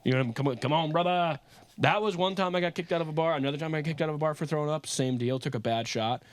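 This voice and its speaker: A young man swearing his way through a rowdy story for a podcast, his words tumbling out fast. The recording is dry and close, with no room sound. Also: fairly high pitch, smooth, no echo. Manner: profane, animated storyteller. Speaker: podcast co-host. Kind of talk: casual chat, storytelling.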